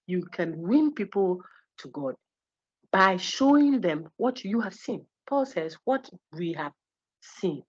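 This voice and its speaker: A woman giving a university lecture, animated and teasing, acting out little quotes as she goes. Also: lowish voice. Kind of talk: lively classroom lecture. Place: lecture hall. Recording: husky, dull lo-fi lecture recording.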